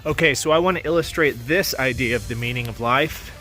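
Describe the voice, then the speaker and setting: A man's voice: medium pitch, fairly quick, bright, forceful tone, faint music behind. A man in his twenties delivering a comic monologue as a vlogger, playful, jokey and mock-serious.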